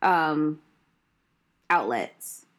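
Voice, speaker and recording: A woman's voice: low-pitched, lively intonation, extremely slow. A woman co-hosting a casual chat, adding details and finishing her partner's sentences. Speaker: podcast co-host.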